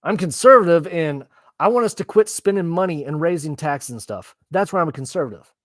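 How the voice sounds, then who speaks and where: A man's voice: on the high side, animated, fairly quick, no room sound. A man ranting bluntly and profanely while reacting to the news in casual commentary. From Texas. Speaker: political commentary host.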